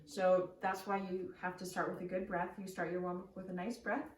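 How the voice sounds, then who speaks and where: A woman voice teacher explaining warm-ups in a relaxed, chatty way, with frequent ums and likes. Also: lowish voice, a little fast, slight background noise. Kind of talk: casual spoken singing lesson. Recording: roomy echo from a distant mic.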